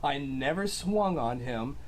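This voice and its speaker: A man's voice: medium pitch, animated, takes it slowly, a little hiss or hum. A young man telling his side of a clash in a casual, hesitant way, full of ums and likes. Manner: rambling, hesitant, with many fillers. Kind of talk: casual storytelling.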